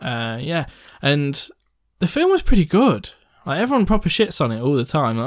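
A man's voice: fairly high pitch, huge pitch swings, normal speed, no room sound, clean studio sound. A young man chatting casually about films as a podcast co-host, rambling and swearing, laughing often. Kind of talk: casual film chat.

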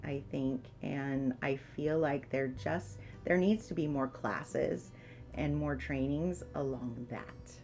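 Woman podcast co-host, low voice, unhurried, earnest chat, stops and restarts, faint music under. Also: creaky, darkish tone.

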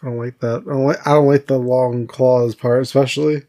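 A man's voice: medium pitch, steady tone, fairly quick, dark tone. A man co-hosting a podcast in casual chat, reacting to the stories with laid-back jokes. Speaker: podcast co-host. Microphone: studio mic.

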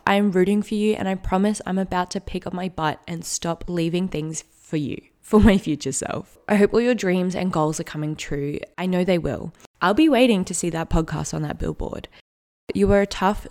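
A woman in her twenties talks alone into a podcast mic, earnest and heartfelt. Her voice sits fairly low and carries a gravelly fry. She speaks in a reassuring, reflective monologue. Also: darkish tone. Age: 20s. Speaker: podcast host.

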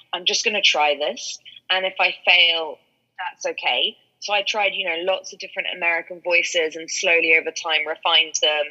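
A British woman with a London accent chats as an interview guest, her voice very bright and ringing. She tells lively stories and laughs often. The sound comes through dull and lo-fi. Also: on the low side. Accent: British English, London. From England. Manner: laughs often, animated storytelling. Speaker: guest actress. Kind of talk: casual interview chat.

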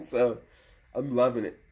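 A man's voice: fairly high pitch, darkish tone. A man co-hosting a casual chat show, laid-back, swearing often and laughing a lot.

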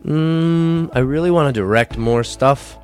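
A man chatting as a guest on a podcast, playful and quick to laugh. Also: on the high side, darkish tone, smooth, soft background music. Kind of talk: casual interview chat.

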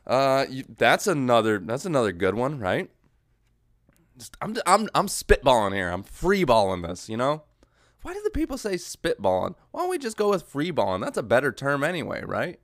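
A man hosting a solo podcast, rambling through a comedic monologue, losing his train of thought and jumping into yelled mock voices. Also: mid-range voice, huge pitch swings, normal speed, no room sound, studio quality. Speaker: podcast host.

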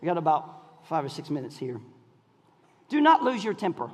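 Animated preacher man with a lively pitch. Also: normal speed, slightly rough, big-room sound. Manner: swings from shouting to near whispers, call-and-response. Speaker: pastor. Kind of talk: sermon. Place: church sanctuary.

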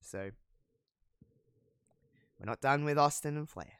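A man telling a casual wrestling recap as a podcast co-host, animated, with lots of fillers. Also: a little high, slow pace, smooth, no room sound, clean studio sound. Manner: animated storyteller, many fillers.

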